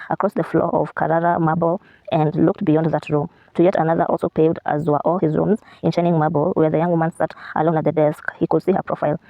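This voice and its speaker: A woman vlogger reading a novel aloud, steady with small slips and restarts. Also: fairly low pitch, vocal fry, no echo, highs cut off.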